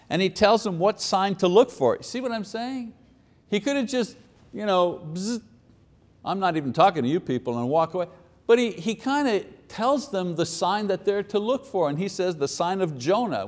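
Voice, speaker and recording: Guy teaching a bible study, kinda higher voice, chatty and loose, does little voices for the people he quotes. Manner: casual, acts out voices of people in the text. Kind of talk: conversational Bible lesson.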